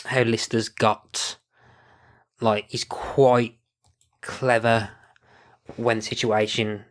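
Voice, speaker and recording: A man appearing as a guest on a podcast, thinking aloud in a measured, casual way. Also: mid-range voice, flat delivery. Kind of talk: casual chat.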